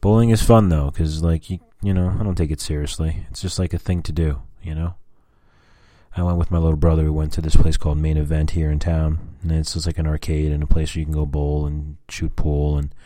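A deep-voiced man rambles through a casual personal vlog, dropping fillers and curse words as he catches up with his viewers. His tone is dark and mellow, and the recording is dry and close. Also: level tone, a little fast, no echo. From US Southwest. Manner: rambling, frequent fillers and cursing. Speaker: vlogger.

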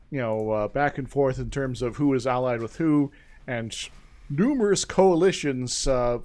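A man talks casually at an ordinary pitch, rambling loosely with plenty of fillers and restarts. He sounds like a podcast co-host retelling history off the cuff. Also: darkish tone. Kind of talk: casual chat.

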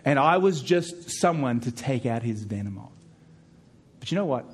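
A middle-aged man preaching a sermon as pastor, emphatic, with frequent repeated words as he pushes key points louder and higher. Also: lively intonation, normal speed, slightly rough.

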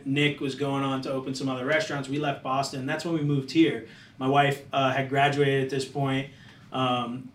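A man of middle pitch tells his story loosely, scattering "like" fillers as a chef guest. His voice sits back from the mic in a roomy space, with faint background noise. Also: a bit bright, far from the mic. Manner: loose, rambling, many "like" fillers. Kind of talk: casual storytelling.

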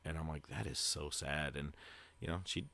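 A man's voice: very deep voice, normal speed, gravelly. A man hosting a podcast, chatting casually and rambling through a story with lots of fillers. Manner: grows loud and hyped toward a segment tease. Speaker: podcast host. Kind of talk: casual chat.

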